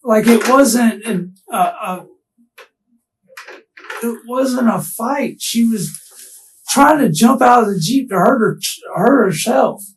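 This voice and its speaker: A distraught, tearful man being interrogated, talking haltingly and restarting his sentences. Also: extremely high pitch, distant mic, a little hiss or hum, low-quality recording. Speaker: murder suspect under interrogation. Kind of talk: police interrogation.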